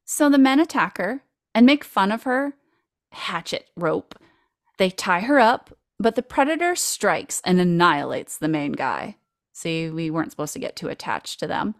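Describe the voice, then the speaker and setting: Lively woman recapping a film. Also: on the low side, normal speed, no echo, studio quality. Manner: playful, jokey recap with frequent laughs. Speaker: podcast host.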